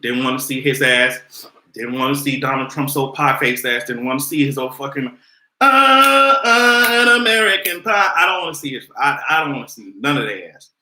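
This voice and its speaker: A young man chatting casually on a livestream, sassy and animated, with frequent cursing. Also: medium pitch, a little fast. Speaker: vlogger hosting a livestream. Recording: roomy echo.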